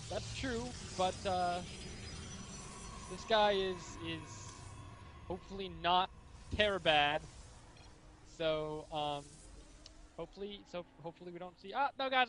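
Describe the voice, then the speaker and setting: A man's voice: high voice, expressive, a little slow, long pauses, a bit bright, slight background noise. A man co-casting a live strategy game tournament, chatty and explaining strategy. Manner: chatty, explains builds, rambling. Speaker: esports co-caster. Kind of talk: casual live game commentary.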